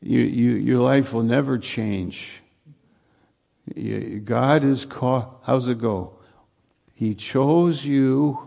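A man's voice: mid-range voice, steady tone, slow, gravelly, a little mellow. A man preaching a sermon, earnest and repetitive, building to emphatic lines.

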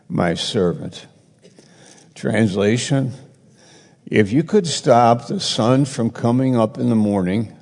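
A man preaching a sermon and teaching from the Bible, rambling and correcting himself as he retells stories with rising excitement. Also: lowish voice, gravelly. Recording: long hall reverb.

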